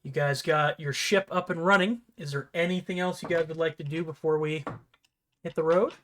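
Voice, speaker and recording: A man running a tabletop game as game master, narrating in a relaxed, rambling way. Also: on the high side, normal speed, slight background noise.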